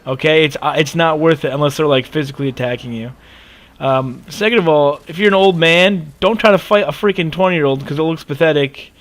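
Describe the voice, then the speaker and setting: A man in his twenties telling a story in a casual, animated way over gameplay, with lots of cursing and emphasis. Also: fairly high pitch, a little fast. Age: 20s. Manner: animated, profane, emphatic ranting. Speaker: gaming video creator.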